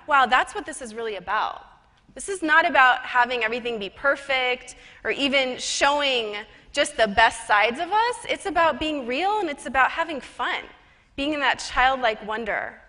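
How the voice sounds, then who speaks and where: A woman giving a personal storytelling talk at a conference, chatty and lively, with casual fillers. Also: high-pitched. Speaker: conference speaker and professional psychic. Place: conference stage in a large hall. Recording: reverberant conference hall.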